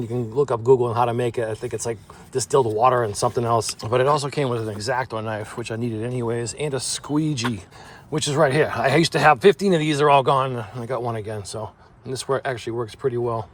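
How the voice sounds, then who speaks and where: A man with a thick Boston accent talks through a do-it-yourself repair in a loose, conversational way. He cracks jokes as he works, and his voice sits at an ordinary middle pitch. A faint hiss runs behind him. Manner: chatty, joking asides. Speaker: DIY tutorial host. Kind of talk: casual how-to walkthrough.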